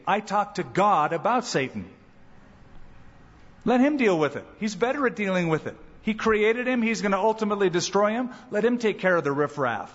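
A man preaching a sermon as pastor, animated, acting out quoted voices. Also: slightly rough. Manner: animated, acts out quoted voices with rising pitch. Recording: dull church recording with long reverb.

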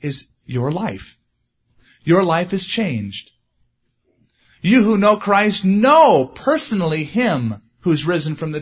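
Animated preaching man, husky voice. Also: a little high, lo-fi sound. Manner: animated, rising loud for emphasis. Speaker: pastor. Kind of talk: sermon.

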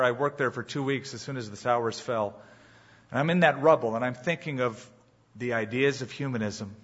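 Husky-voiced man preaching a sermon. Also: mid-range voice, fairly bright tone. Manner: emphatic, rhetorical questions to the congregation. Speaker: pastor. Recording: dull, muffled live sermon recording.

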